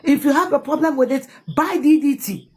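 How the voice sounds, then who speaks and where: A woman's voice: high-pitched, a little fast, warm tone. A Ghanaian woman delivering an angry, insulting rant, scolding someone and repeating her jabs. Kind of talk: angry ranting commentary.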